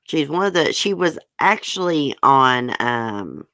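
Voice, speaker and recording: Woman streamer, low voice, dry close sound, chatty and blunt, answers her chat. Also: sing-song, slow, bright, forceful tone, no room sound. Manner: chatty, frank and opinionated, talks back to viewer comments. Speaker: livestream host. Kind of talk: casual chat reading news and viewer comments.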